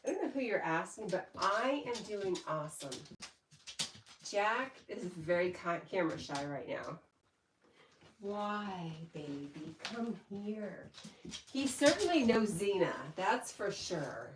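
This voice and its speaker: A woman's voice: medium pitch, sing-song, takes it slowly, background noise. A woman hosting a casual livestream from home, chatting and reading viewer comments aloud with frequent laughs. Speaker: livestream host. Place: home, indoors. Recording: echoey room, voice from a distance.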